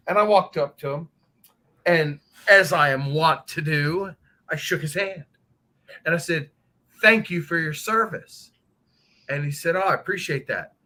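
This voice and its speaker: Male guest, high bright voice, crude rowdy raconteur for a casual stream. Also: low-quality recording. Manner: profane, animated storyteller. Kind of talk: casual chat.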